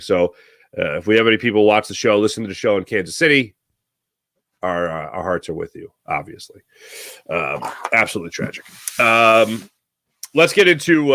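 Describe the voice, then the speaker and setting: Bright-voiced man hosting sports talk. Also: on the low side, dry recording, clean studio sound. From United States. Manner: conversational, animated, with many restarts and fillers. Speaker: sports talk show host. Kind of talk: solo sports talk commentary.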